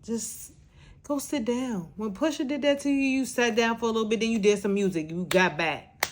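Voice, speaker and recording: A woman's voice: fairly high pitch, normal speed. A woman hosting a podcast, scolding her subject in a blunt, exasperated rant. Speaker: podcast host. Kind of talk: casual reaction rant.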